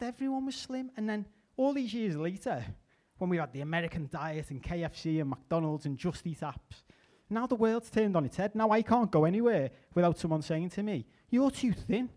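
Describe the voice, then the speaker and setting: A middle-aged man performing a stand-up comedy set, chatty with deadpan asides and small restarts. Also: sits high, brisk, few pauses. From England.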